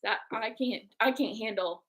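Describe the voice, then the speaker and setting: Young female co-host with a high, bright voice, lively at telling stories in casual chat. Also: moderate pace. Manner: animated storyteller who acts out quotes. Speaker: book club co-host.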